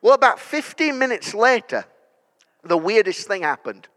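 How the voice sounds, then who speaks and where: High-voiced preacher in a reverberant hall. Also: male voice, sing-song, normal speed. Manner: storytelling that builds to loud declarations. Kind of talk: sermon. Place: church. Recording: long church hall reverb.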